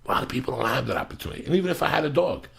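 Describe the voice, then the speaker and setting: A man in his fifties hosting a podcast, swearing freely and ranting loudly with sudden shouting bursts. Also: medium pitch, very animated, very fast, gravelly. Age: 50s. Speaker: podcast host. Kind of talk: loose profane podcast rant.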